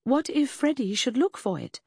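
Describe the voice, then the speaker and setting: A nervous, fretful young woman, as a woman narrator voices her, raised high above the reader's own tone in a storybook reading. Her lines sound husky and dry, with an expressive, wavering lilt. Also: normal speed, no room sound, exaggerated voice. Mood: anxious. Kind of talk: audiobook character reading.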